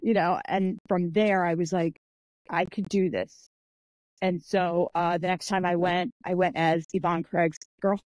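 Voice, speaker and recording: Speaking at a measured pace in a lowish voice, this female podcast guest, an author who also does martial arts, recounts stories animatedly and mimics the people she quotes. Her casual talk is heavy with "like" and "I'm like" fillers, captured in a dry recording.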